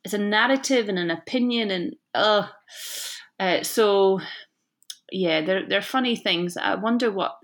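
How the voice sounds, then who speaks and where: A woman in her forties with a slight lisp, chatting in an interview, self-deprecating and quick to laugh. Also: medium pitch. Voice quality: slight lisp, lazy tongue. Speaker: actress, podcast guest. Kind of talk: casual interview chat.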